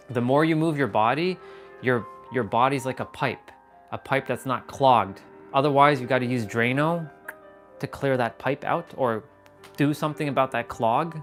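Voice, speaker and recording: A man hosting a fitness livestream, talking in a casual, animated, rambling way and swearing freely. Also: mid-range voice, unhurried, faint music behind. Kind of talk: casual motivational livestream talk.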